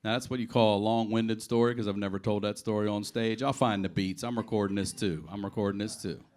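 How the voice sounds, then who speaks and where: Profane stand-up comic telling stories. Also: male voice, lowish voice, quick pace, a little hiss or hum. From Baltimore, USA. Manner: profane, animated storytelling with acted-out quotes. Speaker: stand-up comedian. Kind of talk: improvised stand-up on audience requests. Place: comedy club stage.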